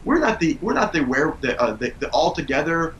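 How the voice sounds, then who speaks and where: A man in his forties, talking in an earnest, calm way as he gives parenting advice and tells a family story in an interview. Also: fairly high pitch, a little fast, dull audio, slight background noise. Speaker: parenting guest.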